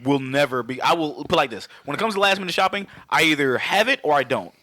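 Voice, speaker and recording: A man's voice: fairly high pitch, expressive, fast, pushed and bright. A man co-hosting a podcast in casual chat, profane and joking as he talks. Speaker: podcast co-host.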